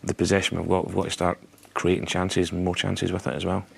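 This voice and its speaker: A man pundit giving measured studio football analysis. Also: low-pitched, monotone, creaky, slightly rough.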